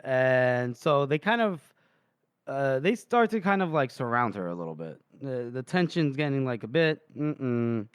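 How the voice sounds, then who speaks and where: A man's voice: mid-range voice, very animated, a little slow, clear, resonant tone, dry recording, clean studio sound. A man co-hosting a podcast, casually retelling a book chapter in a rambling way. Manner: rambling retelling, lots of fillers and quotes. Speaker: podcast co-host.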